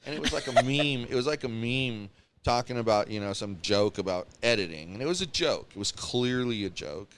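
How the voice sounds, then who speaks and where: Animated ranting male podcast co-host. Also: mid-range voice, brisk, smooth. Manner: animated, ranting, mocking quotes. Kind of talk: casual chat.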